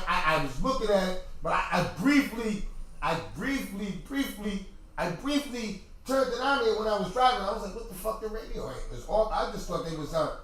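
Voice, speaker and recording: A man hosting a podcast, talking casually to viewers in an animated, repetitive way that rises to shouts when he gets worked up. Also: sits high. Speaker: podcast host. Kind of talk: casual opinion talk to viewers. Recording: echoey room from far off mic.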